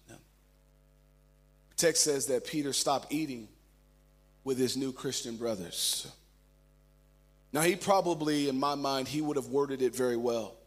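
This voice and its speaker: A man preaching a sermon as pastor, telling stories and shifting between loud and hushed delivery. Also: mid-range voice, measured pace, pauses often.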